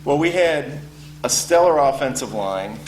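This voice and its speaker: A former college football player telling a casual story with lots of ums and uhs. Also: male voice, mid-range voice, expressive, a little slow. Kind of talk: spoken anecdote to an audience. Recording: echoey room with faint hum.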